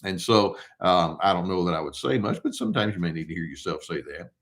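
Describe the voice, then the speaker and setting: An older male therapist giving casual advice, calm and unhurried, who poses rhetorical questions and answers them himself. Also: low voice. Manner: acts out short quoted replies in a mock tone.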